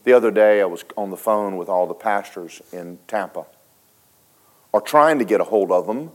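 A man preaching a sermon, telling a story dramatically, switching between loud and hushed and talking straight to the congregation. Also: lowish voice, normal speed. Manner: folksy, speaks to the congregation directly.

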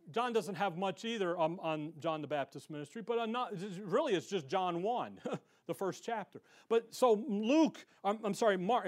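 A man with a notably high voice leads an evening Bible study. He talks in a casual, folksy way, drops slangy asides, and hits his main points with strong emphasis. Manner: emphatic when stressing key points. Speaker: Bible teacher.

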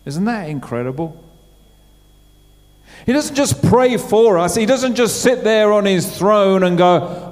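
Middle-aged preacher with a high voice. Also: male voice, animated, slow pace, pauses often. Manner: conversational, asks the congregation questions. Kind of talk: sermon. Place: church. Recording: church hall with long reverb.

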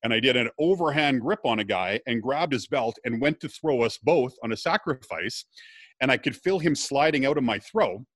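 A man's voice: mid-range voice, normal speed, no room sound. A middle-aged man telling a personal story in casual conversation as a guest, acting out what others said along the way. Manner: lively storyteller, acts out quoted dialogue.

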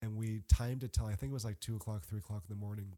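Young male host, easygoing, tells lively stories with lots of "like" and "you know". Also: on the low side, very fast. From Canada. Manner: animated storyteller, laughs often, many fillers. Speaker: podcast host. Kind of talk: casual chat.

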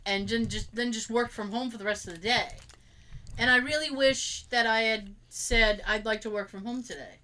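A woman's slightly high voice carries at a normal speed as she casually relates tales from her job. She animatedly acts out her coworkers' remarks.

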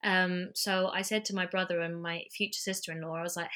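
A woman's voice: fairly low pitch, brisk, hardly any pauses. A woman with an English accent, an actor chatting as a podcast guest, telling stories with lots of fillers over a remote call. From England. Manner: chatty, animated storytelling with many fillers. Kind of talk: casual chat. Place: home in London.

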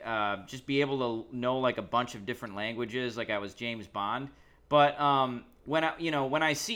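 A man's voice: medium pitch, pushed and bright. A man co-hosting a podcast in casual chat, rambling with lots of ums and uhs. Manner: rambling, hesitant with many fillers. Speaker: podcast co-host.

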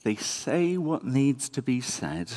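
A man giving a conversational, animated sermon in a church. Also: mid-range voice, slow pace. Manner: conversational, animated, self-deprecating. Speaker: preacher.

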